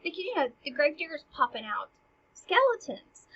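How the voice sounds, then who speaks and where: A woman's voice: high-pitched, very animated, normal speed, a bit bright, muffled recording. A woman teacher explaining a play in casual language, paraphrasing each line into plain modern talk.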